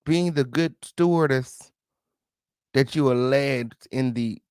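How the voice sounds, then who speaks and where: A man's voice: medium pitch, takes it slowly, darkish tone, clean tone, no echo, clean studio sound. A man hosting a live reaction commentary, sassy and chatty, talking straight to his viewers and repeating his catchphrases. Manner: repeats catchphrases, mock-dramatic asides. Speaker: host reacting to news.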